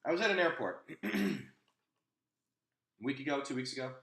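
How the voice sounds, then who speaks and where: A man's voice: medium pitch, expressive, normal speed, a bit bright. Rambling male host in an echoey room. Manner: rambling, anecdotal, frequent restarts. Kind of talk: casual opinion chat.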